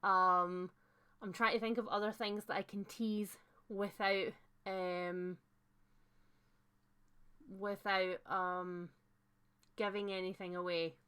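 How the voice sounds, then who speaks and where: Young woman, casual livestream chat, bright clear voice, chatty, lots of ums. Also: mid-range voice, level tone, slow, pauses often. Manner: chatty, reads out viewer comments, frequent fillers and laughs. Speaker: host of a livestream book chat.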